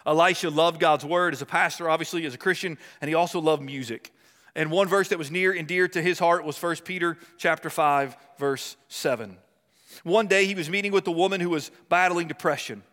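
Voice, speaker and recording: A man preaching a sermon with impassioned delivery, swinging between loud and hushed. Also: fairly high pitch. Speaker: pastor. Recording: long reverb of a large hall.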